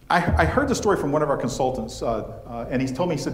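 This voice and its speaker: A man's voice: medium pitch, fast. Chatty man giving a keynote in an echoey hall. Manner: storytelling, animated, chatty with fillers. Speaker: keynote speaker. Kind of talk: conference keynote talk. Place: conference venue.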